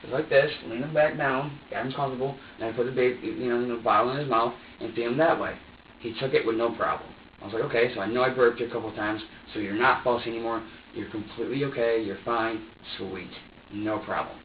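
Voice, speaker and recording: This suspect under questioning talks fast at a medium pitch with fairly even intonation. His story wanders at length, laced with profanity, restarts, and voiced recollections of what he was thinking. The bare interrogation room and his distance from the microphone make him reverberant and dull-toned, and there's a little background noise.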